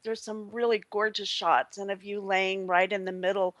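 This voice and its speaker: A woman's voice: mid-range voice, level tone, moderate pace, a bit bright, no echo. A woman hosting a casual chat, mostly giving short reactions and backchannels. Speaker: host.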